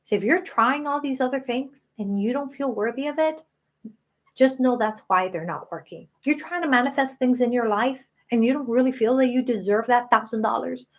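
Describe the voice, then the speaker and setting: A woman's voice: on the high side, normal speed. A woman in her late thirties hosting a live stream, talking earnestly and emotionally about self-worth. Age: 30s. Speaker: spiritual channel host.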